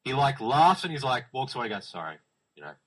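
Bright husky guy cracking crude jokes at a movie with friends. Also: mid-range voice, very animated, fast, poor audio. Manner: joking, crude. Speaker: movie commentary participant. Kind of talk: casual group movie commentary.

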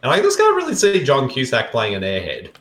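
A man's voice: medium pitch, wildly swooping pitch, a little fast, fairly bright tone, reverberant, slight background noise. A man co-hosting a casual movie commentary chat, joking and laughing through his own fumbled jokes. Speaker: podcast co-host.

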